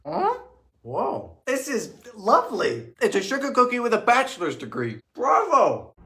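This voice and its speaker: Campy man with lively, swooping delivery. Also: sits high, moderate pace. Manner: campy, sarcastic quips and sudden loud exclamations. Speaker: vintage recipe cooking host. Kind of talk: comedic cooking commentary.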